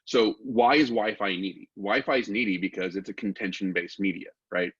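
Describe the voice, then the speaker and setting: Husky low-voiced man on a lo-fi mic. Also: a little fast. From Texas. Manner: relaxed, informal, rhetorical questions. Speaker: guest expert. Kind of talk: casual technical explanation.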